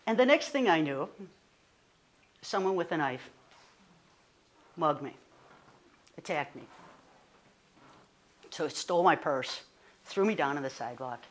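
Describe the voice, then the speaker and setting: Lively woman telling a story. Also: deep voice, measured pace, pauses often. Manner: animated, rising to indignant; conversational, with fillers and self-corrections. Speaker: guest speaker. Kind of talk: personal storytelling talk.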